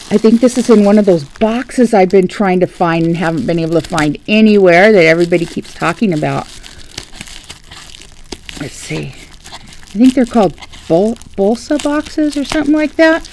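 Gushing woman unboxing gifts, lively pitch. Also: normal speed, slight background noise, low-quality recording. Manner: gushing, gasping, often drops to a hushed whisper. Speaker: crafting vlogger. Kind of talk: casual unboxing vlog. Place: home, at a dining table.

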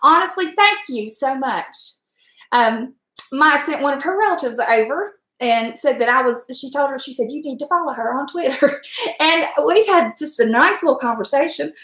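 Chatty middle-aged woman, cooking vlogger, higher voice, echoey home kitchen. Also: expressive, normal speed, bright, forceful tone. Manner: chatty, rambling, talks to viewers by name. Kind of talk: casual chat while cooking.

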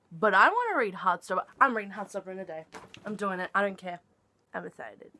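A young woman talks through her reading plans in a casual vlog at a middle pitch. She is chatty and easily excited. She drops to hushed asides, then bursts into loud squeals. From Australia. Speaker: book vlogger.

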